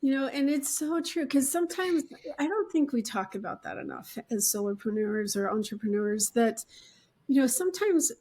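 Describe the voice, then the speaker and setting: A middle-aged woman hosting a podcast, chatting in a relaxed, rambling way with asides and fillers. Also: high voice, moderate pace, slightly rough. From Utah. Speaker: podcast host, real estate agent. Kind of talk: conversational interview chat.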